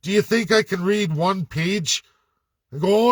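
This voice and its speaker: A man's voice: sits high, a little slow, fairly bright tone, no room sound. A man ranting to camera in a blunt, sarcastic and profane way, mocking the voices of others. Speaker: political commentator. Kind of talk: angry rant to camera.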